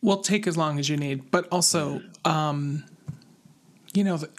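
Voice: mid-range voice, a little slow. A podcast host chatting casually, joking and teasing a guest.

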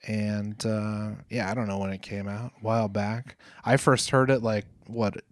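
A man's voice: lowish voice, little pitch movement, moderate pace. A man co-hosting a podcast in casual chat, jokey and rambling, swearing now and then. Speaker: podcast co-host.

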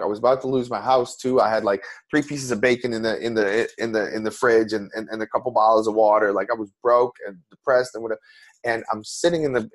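A man, an interview guest, telling a personal story in an earnest, emotional way with many restarts. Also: mid-range voice.

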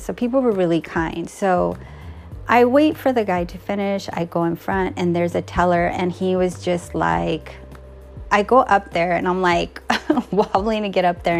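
A woman's voice: fairly low pitch, vocal fry. A woman casually retelling a personal story, acting out the dialogue and laughing now and then.

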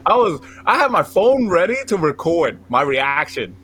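A man's voice: fairly high pitch, normal speed. A young man telling a long comic story to friends, swearing constantly and acting out the lines he quotes. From Cambodian. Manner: animated, heavy swearing, acts out quotes. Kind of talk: profane comedic storytelling among friends.

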